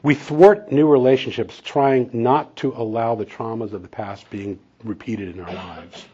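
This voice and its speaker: A man's voice: lowish voice, warm tone, slightly rough, lo-fi sound. A man preaching a sermon in a conversational, storytelling way, chuckling now and then. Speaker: pastor and counselor.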